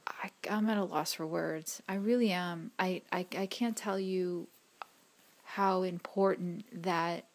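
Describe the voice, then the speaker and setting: A woman's voice: lowish voice, steady tone, slow pace. A woman vlogger telling a personal spiritual story, rambling with restarts and fillers and sometimes dropping to a whisper.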